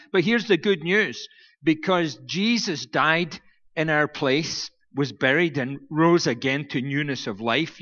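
Man, wry humorous sermon, higher voice, muffled recording, long hall reverb. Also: a bit bright. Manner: wry, self-mocking storyteller. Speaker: guest preacher from a church planting network. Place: church.

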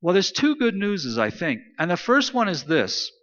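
A man's voice: sits high, wildly swooping pitch, moderate pace, a bit bright, long reverb tail, muffled recording. A man preaching a sermon in an emphatic style, repeating phrases for stress. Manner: emphatic, repetitive preaching cadence. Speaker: pastor.

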